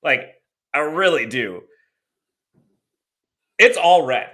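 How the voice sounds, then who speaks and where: A man's voice: on the high side, lively intonation, slow, pushed and bright. A man co-hosting a sports podcast, rattling off team stats in casual chat with dry laughs. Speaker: podcast co-host.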